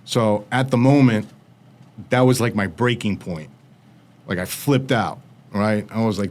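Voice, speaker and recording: A man's voice: lowish voice, fairly even intonation, normal speed, a little mellow. A man as an interview guest, telling a blunt, streetwise story full of quoted dialogue.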